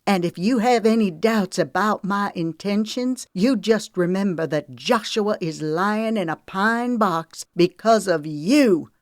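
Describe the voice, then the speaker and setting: A woman reading an audiobook plays a resolute woman standing her ground, her voice hoarse, low and strained. She speaks slowly with a raised pitch, dry and close. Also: dry recording, lightly acted. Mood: defiant. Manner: hushed, strained defiance. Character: resolute grown woman defending her sister-in-law.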